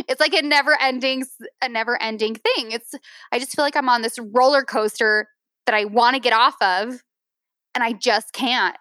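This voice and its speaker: Sharp-toned and somewhat high, this thirty-something woman's voice breaks with tears as she shares a personal story on a podcast. She halts, restarts again and again, and fills gaps with fillers, all without any echo.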